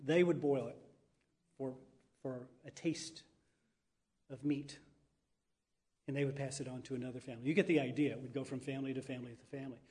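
A man with a slightly high voice, teaching a crowd like a lively workshop leader. He explains traditions at an easy pace, then breaks into chanted rhythms and invites everyone to chant along. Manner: chants rhythms and calls on the audience to join in. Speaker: music and dance teacher. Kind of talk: interactive talk leading an audience.

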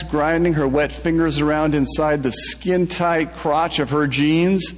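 A man's voice: on the high side, in a large hall. Amused man reading a story aloud. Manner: amused, laughs through the telling. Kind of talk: first-person story reading.

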